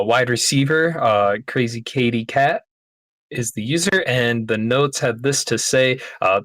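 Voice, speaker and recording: A man's voice: medium pitch, fairly bright tone, no echo. A man on a live draft panel, announcing his team's pick in a hesitant, filler-heavy way. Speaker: team general manager. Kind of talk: casual panel talk.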